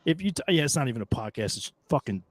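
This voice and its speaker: A man co-hosting a casual podcast, talking excitably and swearing heavily. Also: medium pitch, fast talker, crowd noise. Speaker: podcast co-host. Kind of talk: casual chat.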